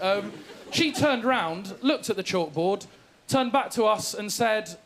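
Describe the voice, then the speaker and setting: A man's voice: high-pitched, expressive, unhurried, a little hiss or hum. A young man from England doing stand-up, telling self-mocking, posh stories and acting out the quotes. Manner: self-deprecating, posh storytelling with acted-out quotes. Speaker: stand-up comedian. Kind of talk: stand-up set.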